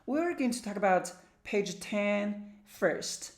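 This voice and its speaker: A woman teaching English vocabulary, reading country names and numbers aloud one by one and slowly. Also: medium pitch, expressive, roomy sound. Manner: slow, careful word-by-word reading. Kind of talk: vocabulary lesson, reading word lists aloud.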